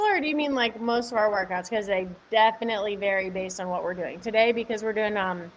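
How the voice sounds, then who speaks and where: Streaming live from home, this young fitness coach chats cheerfully through a workout, laughing a lot and replying to viewers by name. Her voice is a little high and a bit bright, and the camera mic catches slight background noise.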